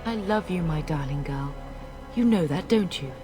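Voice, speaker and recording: A woman's voice: deep voice, lively intonation, moderate pace, over music. An actress playing a proud, caring noble mother in a video game, speaking formally and firmly. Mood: tender. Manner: dignified, formal speech. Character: proud noble mother, middle-aged, caring but firm.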